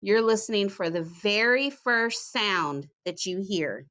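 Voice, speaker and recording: A woman teaching a phonics lesson to young children, speaking slowly and carefully and repeating words for them to hear. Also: medium pitch, animated, a bit bright. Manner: slow, careful, encouraging, repeats words clearly.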